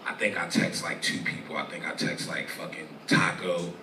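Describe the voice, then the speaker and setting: A young man telling a personal story as a guest in a live interview, rambling and profane with halting restarts. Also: sits low, steady tone, background noise. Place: live venue stage. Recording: echoey room, distant mic, audience ambience.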